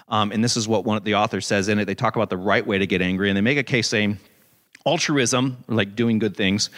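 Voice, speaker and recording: A man preaching a sermon in an animated, conversational way, with dramatic scripture readings. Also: lowish voice. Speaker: pastor.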